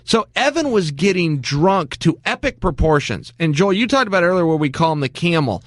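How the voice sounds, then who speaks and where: A man's voice: fairly high pitch, big pitch swings, a little fast, no echo, clean studio sound. A man in casual chat, speaking emphatically and explaining things to the audience.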